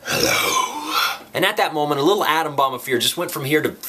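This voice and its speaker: A man telling a comic personal story with playful, deadpan exaggeration. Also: on the high side, very fast, noisy background.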